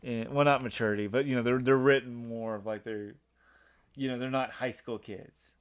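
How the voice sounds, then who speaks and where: A man's voice: mid-range voice, steady tone, normal speed, smooth, dry recording, studio quality. A man in his thirties hosting a podcast in casual chat, rambling along with many restarts. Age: 30s. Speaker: podcast host.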